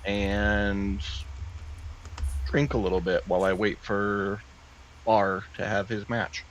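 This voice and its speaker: Slow, low-voiced man player. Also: little pitch movement, a little hiss or hum, low-quality recording.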